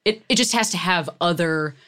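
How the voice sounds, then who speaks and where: A woman hosting a casual chat, animated and joking, laughing often. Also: fairly low pitch, normal speed. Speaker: podcast host.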